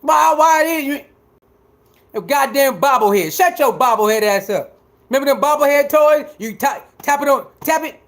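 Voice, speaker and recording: A man with a very high voice rants about sports critics, swearing freely and mocking them. He repeats the same lines over and over as his temper builds. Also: lively intonation, moderate pace. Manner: repetitive, mocking, heated. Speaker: sports commentator. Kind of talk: profane commentary rant.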